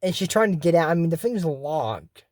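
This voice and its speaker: A woman's voice: on the low side, lively intonation, normal speed, darkish tone, no room sound, clean studio sound. A woman casually recapping a cartoon episode, rambling and joking in asides. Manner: rambling, jokey, trails off into asides.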